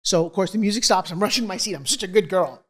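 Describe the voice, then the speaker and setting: A woman's voice: medium pitch, animated, fast, slightly rough. A middle-aged woman, a guest in an interview, telling her life story candidly and animatedly, acting out the voices of people she quotes.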